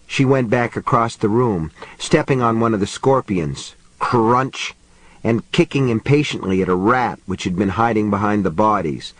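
A man giving a steady, measured reading of a horror story. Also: mid-range voice, dry recording. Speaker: audiobook narrator. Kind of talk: scripted horror narration.

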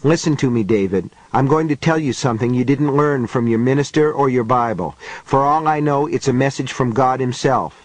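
A man voicing a resolute grown man in an audiobook, shouting urgently and then speaking gravely and firmly. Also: mid-range voice, a little fast, hardly any pauses, no echo, lightly acted.

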